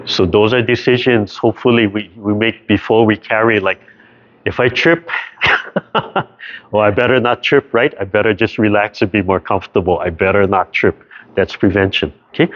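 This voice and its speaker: A man teaching a tai chi class over a video call, explaining carefully and checking in with "right?" after almost every point. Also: lowish voice. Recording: dull lo-fi video call audio.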